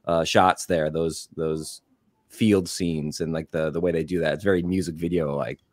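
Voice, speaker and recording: A man's voice: very deep voice, steady tone, normal speed, no echo, clean studio sound. A man on a podcast reflecting on a film's scenes and humor in casual chat. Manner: reflective, analyzing film scenes. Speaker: podcast guest.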